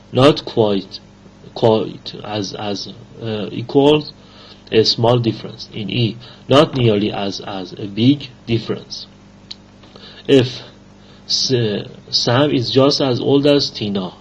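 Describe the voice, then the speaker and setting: A man teaching an English grammar lesson, reading rules and examples aloud slowly with pauses and fillers. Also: medium pitch, slightly rough. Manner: slow, halting reading with fillers. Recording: dull lo-fi recording.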